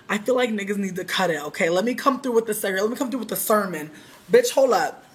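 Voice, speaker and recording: A livestream host ranting to viewers in a brash, loud, profane and sassy way, speaking from a bar. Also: medium pitch, expressive, fast. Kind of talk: brash casual rant to viewers.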